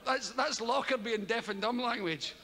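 A man's voice: very high-pitched, moderate pace. An older man with a Scottish accent doing rambling, profane stand-up comedy on a theatre stage, often laughing as he talks. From Scotland. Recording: live theatre, long reverb, audience noise.

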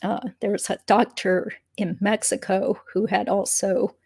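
Hoarse, gravelly-voiced woman lawyer. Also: mid-range voice, level tone, unhurried, darkish tone, no room sound, studio quality. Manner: conversational, many fillers and asides. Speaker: lawyer and legal commentator. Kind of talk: casual legal commentary vlog.

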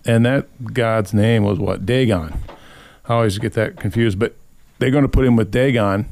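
A podcast host with a lowish, gravelly voice speaks at a normal pace with no echo. He casually retells a scripture story, animatedly acting out the people's voices whenever he quotes them.

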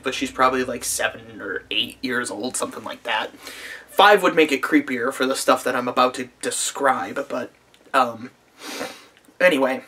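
A man's voice: medium pitch, bright, forceful tone, breathy edge. A man in his twenties giving a casual, profane vlog review of a show, rambling with lots of fillers and dry sarcasm. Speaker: anime reviewer.

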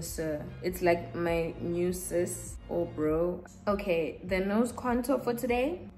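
A young woman from Africa, chatting casually through a makeup routine and telling a story, animated and acting out what people said. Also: mid-range voice. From South Africa. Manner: chatty and animated, acts out quotes. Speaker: beauty vlogger.

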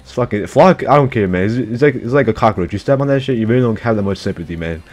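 A man's voice: lowish voice, animated, fast talker, darkish tone. A man casually reacting to an anime chapter, slangy and profane, who keeps blurting out exclamations.

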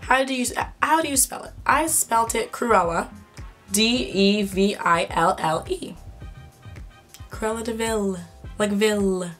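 A young woman talking to her camera with excitable disbelief, her throat a little sore. She swears freely and speaks in a mid-range voice, with faint music in the background. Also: medium pitch, unhurried. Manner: excitable, swearing, laughing, incredulous. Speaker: vlogger. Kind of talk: casual chat to camera.

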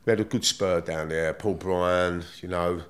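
A middle-aged man with a London accent and a fairly low voice, talking frankly in a relaxed interview. He tells his stories bluntly, with plenty of swearing. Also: a little slow. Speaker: guest. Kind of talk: candid casual interview.

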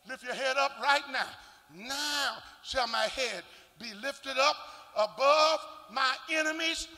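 An older man, a bishop, preaching a sermon with shouting, rhythmic sing-song delivery and call-and-response. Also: extremely high pitch. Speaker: bishop and pastor. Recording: long church reverb.

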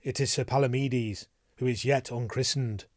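A man's voice: mid-range voice, fairly even intonation, moderate pace, no echo, clean studio sound, lightly acted. A man voicing a courteous young male knight who answers politely and formally. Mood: respectful.

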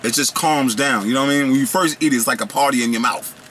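A man's voice: medium pitch, fast, sharp tone, slight background noise. A man casually reviewing snacks in a vlog, slangy and playful, riffing and rambling as he goes.

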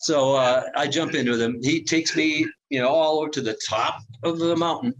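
A man in his sixties, a former TV reporter, telling stories as an interview guest, full of pauses and acting out the voices of the people he met. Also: fairly high pitch, muffled recording, a little hiss or hum. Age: 60s. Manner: animated, acts out quoted voices, many filler pauses. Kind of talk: casual anecdotal storytelling.

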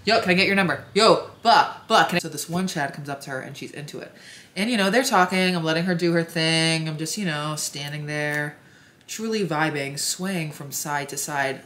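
Brief: young woman vlogger, low deep voice, chatty storyteller with lively asides. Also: slight background noise. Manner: chatty, filler-heavy, animated asides with laughs. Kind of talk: casual storytelling.

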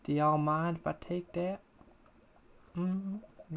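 Slow, swooping young man joking over gameplay. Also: on the high side, animated, creaky, highs cut off, a little hiss or hum. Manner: crude, joking, talks to game creatures and taunts them. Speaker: gamer uploading let's-play videos. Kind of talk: casual gameplay commentary.

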